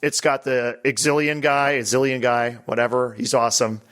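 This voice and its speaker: Male podcast host, mid-range voice, casual and animated. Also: mid-range voice, normal speed. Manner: animated, breaks into mock voices and laughs. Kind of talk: casual chat.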